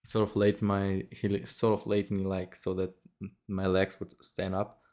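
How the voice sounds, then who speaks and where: Low-voiced man telling a story casually. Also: completely flat delivery, normal speed, darkish tone. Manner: rambling, many fillers and restarts, frequent laughs. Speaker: vlogger.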